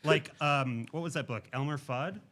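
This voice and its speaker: A man's voice: mid-range voice, normal speed, fairly bright tone. A man hosting a casual interview, chatty and eager, laughing along with his guest. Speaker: interviewer, host. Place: convention floor TV set.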